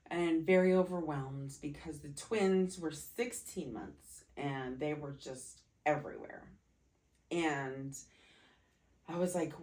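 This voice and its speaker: Mom chatting casually, voice goes up and down a lot, mic a bit far off. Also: female voice, fairly low pitch. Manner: animated storytelling, turns tearful. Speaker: mother, co-host. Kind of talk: casual Q&A chat.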